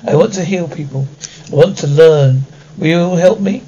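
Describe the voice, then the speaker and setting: A man's voice: a little high, moderate pace, dark tone, slight background noise, close to an everyday voice. A man voicing a determined young woman who wants to be a doctor, speaking earnestly and bluntly. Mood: insistent. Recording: dull lo-fi recording.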